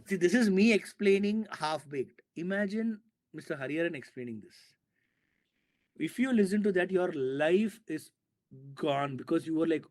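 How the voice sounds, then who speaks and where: A man, a filmmaker from India, talking in an interview and excitedly retelling a film scene with sound effects and repetition. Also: fairly high pitch, normal speed. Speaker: filmmaker guest. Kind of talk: animated storytelling in an interview.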